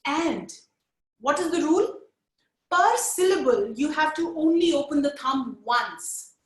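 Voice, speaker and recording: Over a video call, a woman runs a live webinar on puppet lip sync, counting along with her viewers in an energetic, coaxing manner. She has a high-pitched voice, talks a little slowly, and the sound is roomy.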